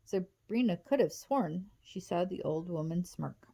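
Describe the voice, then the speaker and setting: A woman reading a novel aloud in a steady, even storytelling manner. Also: on the low side, unhurried, gravelly, few pauses, breathy edge. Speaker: audiobook reader.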